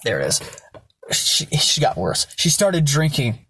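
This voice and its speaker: A man's voice: on the high side, sing-song, a little slow, noisy background. Blunt young man telling his story. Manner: blunt, heavy swearing, rambling asides. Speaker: vlogger. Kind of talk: candid personal storytelling.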